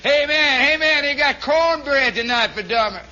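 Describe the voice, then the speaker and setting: A man voicing a rowdy young male soldier with an American Southern accent, loud and excited. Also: extremely high pitch, normal speed, slight background noise, pitched above the performer's own voice, heavily acted. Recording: dull lo-fi 1960s radio broadcast.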